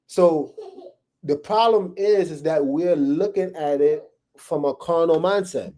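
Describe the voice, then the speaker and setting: A man's voice: on the high side, measured pace, mellow. A man teaching from the Bible to a small group in a room, talking casually and checking in with them often. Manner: casual, checks in with listeners, keeps asking "right?". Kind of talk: conversational sermon to a live group.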